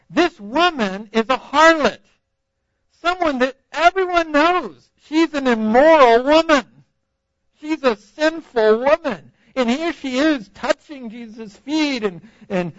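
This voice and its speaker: A young man preaching at a youth conference, telling a Bible story in an animated way and acting out reactions with laughter. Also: very high-pitched, dry recording, muffled recording. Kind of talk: preaching a sermon.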